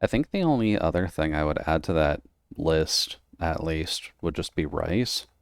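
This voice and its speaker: Male streamer, very low and smooth, rambling chat with frequent laughs. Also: lively intonation, a little slow, no echo, studio quality. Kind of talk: casual chat while gaming.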